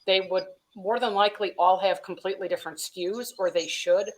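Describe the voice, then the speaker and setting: A woman's mid-range voice moves along fairly quickly on poor audio. As a company vice president in a business webinar interview, she chats through practical steps and gives advice, often pausing on "um" and "you know."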